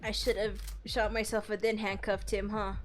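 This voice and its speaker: A young woman streaming herself playing a game, chatting casually and playfully, swinging from loud outbursts to quiet mumbles. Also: mid-range voice, flat delivery, moderate pace. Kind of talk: casual gameplay commentary. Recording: faint game music behind.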